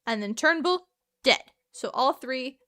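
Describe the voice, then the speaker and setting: A woman's voice: high voice, animated, unhurried, sharp tone, clean tone. A woman giving chatty, joking commentary while playing a detective game. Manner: chatty, joking, laughs often. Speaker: game streamer. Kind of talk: casual gameplay commentary.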